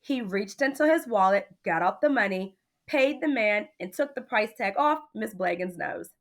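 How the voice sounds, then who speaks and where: A woman reading a picture book aloud in an expressive, playful way. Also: medium pitch, moderate pace. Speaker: storybook reader.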